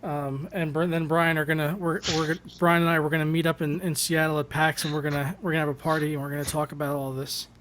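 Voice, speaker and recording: A man from the United States hosting a casual stream chat, talking quickly with lots of fillers and casual swearing. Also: on the high side, flat delivery, fairly bright tone, slight background noise. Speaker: host.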